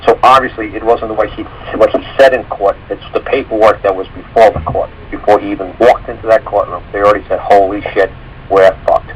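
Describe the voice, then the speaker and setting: A man's voice: fairly low pitch, steady tone, fast, few pauses, slight background noise, rough recording. A man talking casually on a radio show, rambling through stories, acting out quotes and swearing freely. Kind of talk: casual call-in radio talk.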